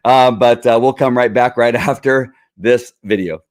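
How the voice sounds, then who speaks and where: A man's voice: mid-range voice, a little slow. A man hosting a casual video call party, chatty and rambling, laughing often between his words. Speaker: host. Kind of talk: casual chat on a livestream party.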